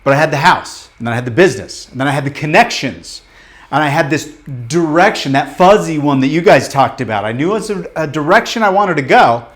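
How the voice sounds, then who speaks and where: A business coach leads a live training at a motivational workshop, his voice a little high, bright, and animated. He speaks bluntly and emphatically, swearing casually and firing quick questions at the room.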